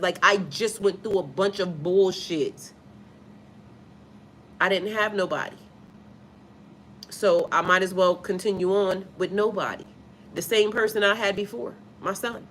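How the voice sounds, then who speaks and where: A woman's voice: mid-range voice, steady tone, normal speed, a bit bright, a little hiss or hum. A woman who is a spiritual life coach talks bluntly and with lots of swearing in a casual live stream, stopping to read out comments from viewers. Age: adult with a child. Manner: blunt, profane, emphatic.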